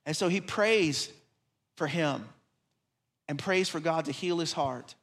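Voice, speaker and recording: A man preaching a sermon, telling a lively story and voicing the people in it, then dropping to soft, hushed tones for his appeal. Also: on the high side, takes it slowly. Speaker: pastor.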